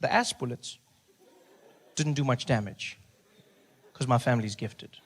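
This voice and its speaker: A man telling a stand-up comedy story in an animated way, slipping in and out of voices for the people in it. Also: medium pitch, a little slow.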